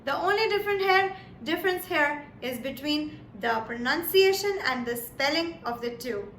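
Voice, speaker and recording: A woman's voice: high-pitched, expressive, normal speed, a bit bright. A woman from India teaching a German lesson, who says each word twice and often checks in with "Yes?" and "All right?". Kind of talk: slow, patient lesson delivery. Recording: echoey room with faint background noise.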